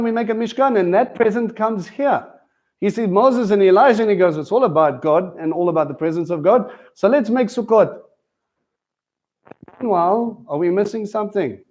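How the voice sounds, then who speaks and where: A man teaches a live sermon at a Messianic congregation, talking conversationally and often quizzing his listeners. His voice is high-pitched with a darkish tone, and the recording is rough.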